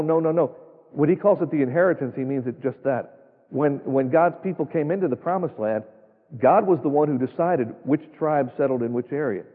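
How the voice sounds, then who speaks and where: Folksy, emphatic male preacher, husky, heard through a long church echo. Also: medium pitch. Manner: folksy, emphatic, rhetorical questions. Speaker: pastor. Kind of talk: sermon. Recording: tinny phone-like sound, long hall reverb.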